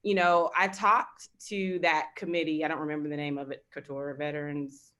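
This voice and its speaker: A woman's voice: low-pitched, flat delivery, fairly quick, sharp tone. A woman from Kentucky speaking as a panelist in a discussion, earnest, with dry sarcastic asides.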